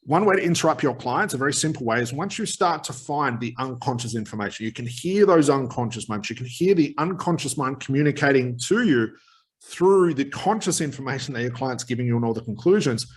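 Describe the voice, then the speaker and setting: A man teaching hypnotherapy technique straight to camera, energetic and emphatic, with quick asides. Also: mid-range voice. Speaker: hypnotherapy trainer. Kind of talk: direct-to-camera teaching talk.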